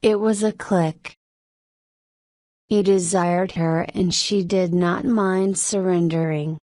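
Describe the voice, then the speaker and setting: A woman reading a novel aloud as scripted narration for English learners, in a slow, measured way. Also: lowish voice, steady tone, darkish tone, dry recording, clean studio sound.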